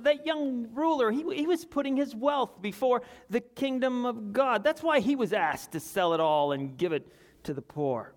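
A man preaching a sermon in an earnest way, moving between loud urgent passages and quiet confessional ones. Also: very high voice, normal speed.

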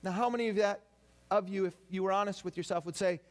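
High-voiced man preaching animatedly. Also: fast talker. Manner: animated preaching, acts out quoted complaints. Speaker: pastor. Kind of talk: sermon.

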